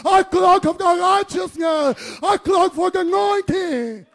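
A male preacher delivering an impassioned sermon, swinging between loud shouting and hushed, quiet speech. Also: very high-pitched, slow, creaky.

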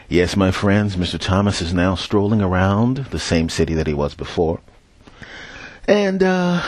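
A man's voice: deep voice, very animated, measured pace, long pauses, dry recording. A man from Philadelphia hosting a podcast, telling a profane, rambling story in a casual monologue while walking down a city street and talking into a headset mic. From Philadelphia, USA. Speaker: podcast host.

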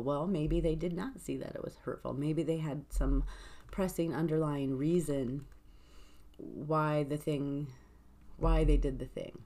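A woman hosting a podcast, talking through her thoughts in a gentle, reflective way. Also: low voice, a little slow. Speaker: podcast host. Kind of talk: reflective solo podcast talk.

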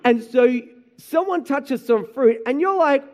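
A man preaching a sermon, telling animated stories about his children and often asking the room "right?". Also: extremely high pitch, unhurried. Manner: animated storytelling, acts out his kids and himself, frequent "right?". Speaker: pastor.

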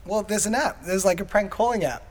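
A man's voice: high-pitched, brisk. A man hosting a podcast in casual chat, telling stories in a rambling way and laughing often. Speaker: podcast host.

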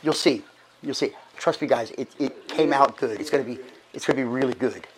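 The speaker is a middle-aged archbishop delivering folksy, chatty church announcements in a sanctuary, breathless and hoarse with halting restarts. The audio is poor, and his voice is mid-range.

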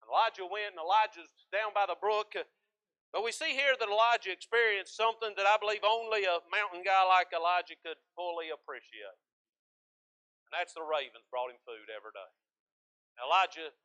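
Male preacher, folksy storyteller, high and bright. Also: poor audio. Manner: folksy storytelling with rural grammar. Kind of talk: sermon.

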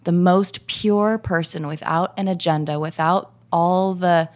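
A woman who is a podcast guest, speaking in soft, searching, halting phrases. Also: fairly low pitch, steady tone. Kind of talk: casual conversation.

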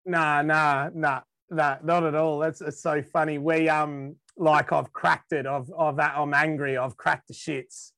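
Man, Australian accent, slow unhurried talk, casual podcast guest, laid-back, dry close recording. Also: a little high, little pitch movement, sharp tone, no echo. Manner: laid-back, laughs often, trails off and restarts. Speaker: guest musician.

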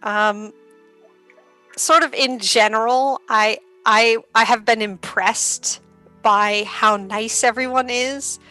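A woman guest on a podcast, telling stories in a casual, animated way, laughing often and using lots of "like". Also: fairly high pitch, slow pace, soft background music, rough recording. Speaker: podcast guest, karuta player.

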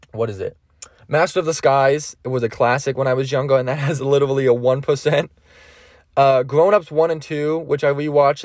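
A man's voice: medium pitch, darkish tone, no echo, clean studio sound. A young man hosting a casual solo podcast, rambling about movies with a lot of swearing and laughing at his own jokes. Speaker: podcast host.

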